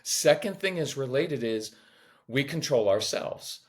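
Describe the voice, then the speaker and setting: A man on a parenting podcast teaches in a lively, conversational way, acting out quoted voices and cracking the occasional joke. His voice sits at a medium pitch, and he speaks a little slowly.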